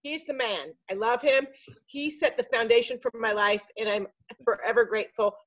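A middle-aged woman telling a story in casual chat, animated and swearing freely. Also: on the high side, moderate pace, low-quality recording. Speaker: podcast guest. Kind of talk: casual storytelling on a group video call.

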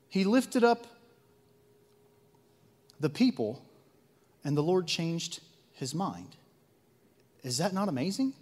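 A Midwestern American man preaching in a church sanctuary, his fairly high voice ringing with a long hall reverb. He jumps from fiery, emphatic bursts to quiet confiding asides and keeps pressing the congregation with rhetorical questions. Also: expressive, measured pace, pauses often. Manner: swings between loud zealous outbursts and hushed asides; rhetorical questions, repetitions and acted-out quotes. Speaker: lay preacher. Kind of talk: sermon.

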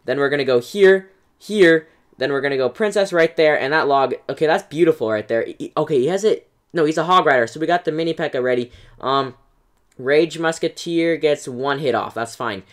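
An excitable young man talks through his gameplay as it happens. His delivery is chatty, with frequent "um"s and direct asides to his viewers. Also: fairly high pitch, fairly quick. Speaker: gaming YouTuber. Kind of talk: live gameplay commentary.

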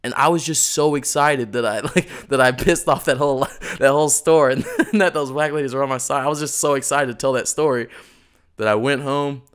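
A man in casual podcast chat, telling a long story with lots of laughter and swearing. He jumps into other people's voices as he retells what they said. His pitch sits in a middle range. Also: a little fast, smooth. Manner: animated, laughing, swearing often, acting out quoted people. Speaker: podcast co-host.

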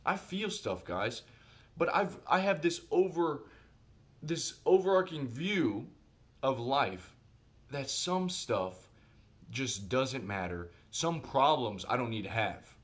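A man telling a personal story in a casual vlog monologue, animated and conversational, speaking directly to his viewers. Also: medium pitch, slow. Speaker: vlogger.

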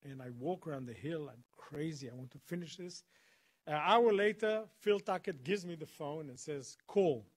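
A man tells a dramatic story to a college audience and acts out the dialogue as he goes. His voice is a bit husky and sits slightly high. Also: moderate pace. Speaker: guest speaker. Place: college lecture hall.

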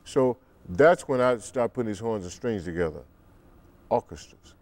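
An older man, a musician guest in an interview, telling stories in an unhurried way and acting out the quotes. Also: lively intonation, darkish tone. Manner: deep, unhurried storyteller who acts out quotes. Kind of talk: relaxed storytelling interview.

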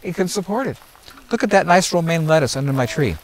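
A man's voice: a little high, lively intonation, fast, low-quality recording. A man guiding a group through a garden outdoors, teaching in an emphatic, preachy way and repeating his points. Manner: emphatic and preachy, repeats phrases, asks "are you hearing me?". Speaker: gardener leading a garden tour.

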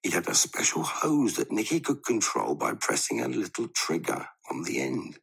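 Gravelly man reading a children's story. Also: on the low side, moderate pace. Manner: expressive, animated. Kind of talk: children's storybook read-aloud.

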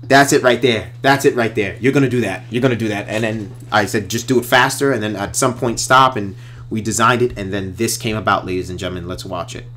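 A man's voice: lowish voice, quick pace, bright, forceful tone, slight background noise. A filmmaker talking casually and enthusiastically to his viewers, often repeating himself as he explains how a scene was made. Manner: enthusiastic, repetitive, talks to viewers directly. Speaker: filmmaker reviewing his own trailer. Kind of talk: casual video commentary.

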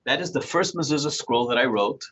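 A man in his sixties, a Torah scribe, telling a story to a small group in an animated way, acting out dialogue and often chuckling as he talks. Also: mid-range voice, fairly quick, slightly rough. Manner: chuckles often while talking. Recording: dull lo-fi recording.

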